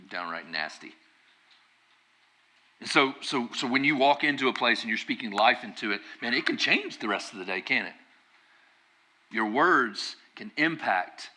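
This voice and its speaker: A man's voice: fairly low pitch, pushed and bright. A man preaching a conversational sermon as pastor, building to emphatic bursts.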